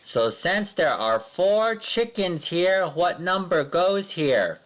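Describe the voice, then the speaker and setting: A man teaching a math lesson to young children, patient and sing-song, counting along slowly with his pupils. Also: high-pitched, very animated, fairly bright tone.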